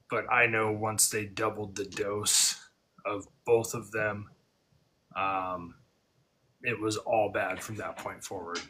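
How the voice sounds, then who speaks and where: A man from the United States hosts a casual panel and speaks hesitantly, with many ums. His voice sits on the low side but sounds bright and tense. Faint noise runs under it. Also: low-quality recording. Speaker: show host.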